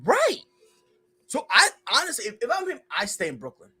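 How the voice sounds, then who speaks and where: A man's voice: very high-pitched, huge pitch swings, moderate pace, pushed and bright, slightly rough. A man hosting a casual sports podcast, ranting and joking about wrestling and basketball. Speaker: podcast host.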